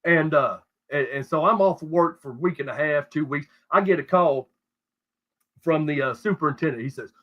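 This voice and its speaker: In dull lo-fi podcast audio, a middle-aged South Texas man with a Texan accent spins a profane, meandering story, repeatedly restarting. His voice is a little high, and he keeps a moderate pace.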